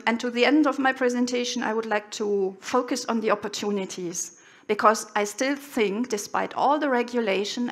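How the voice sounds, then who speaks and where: A middle-aged woman giving an expert conference presentation in measured, earnest, slightly nonnative English. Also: mid-range voice. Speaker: conference speaker.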